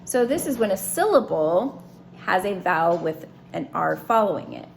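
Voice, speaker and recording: A woman's voice: lowish voice, animated, moderate pace, vocal fry, a little hiss or hum. A woman teaching a phonics lesson, writing words and explaining each one step by step in a patient way.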